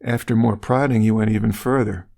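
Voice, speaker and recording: A man's voice: fairly low pitch, steady tone, fairly quick, gravelly, a little mellow. A man co-hosting a true-crime podcast, retelling a case casually with wry asides. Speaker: podcast co-host.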